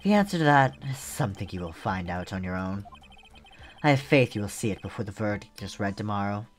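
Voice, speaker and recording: A man's voice: lowish voice, lively intonation, a little fast, lightly acted. A man voicing a composed, proud male prosecutor who speaks in a formal, lecturing way, reading game dialogue aloud. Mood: stern.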